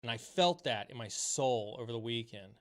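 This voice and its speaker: This man has a medium-pitched, expressive voice and keeps a moderate pace. Hosting a livestream chat at home, he swears freely and repeats phrases for emphasis through an impassioned motivational talk, then responds to questions from his audience.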